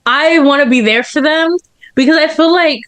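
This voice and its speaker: A woman in her twenties, a student guest on a casual podcast, telling stories in an animated way, acting out her own reactions and laughing often. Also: high-pitched, moderate pace.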